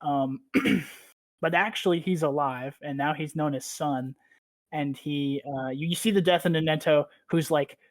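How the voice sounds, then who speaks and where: A man's voice: a little high, measured pace, dry recording. A man hosting a podcast, casually recapping a story in a rambling, profane way, full of "like". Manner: rambling, profane, heavy use of "like". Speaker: podcast host.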